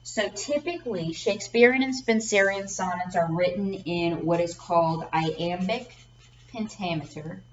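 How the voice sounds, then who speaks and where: A woman's voice: medium pitch, steady tone, normal speed, few pauses. A woman teaching a class lecture. She often says um, repeats words and checks in with "okay?". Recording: dull lo-fi recording with faint background noise.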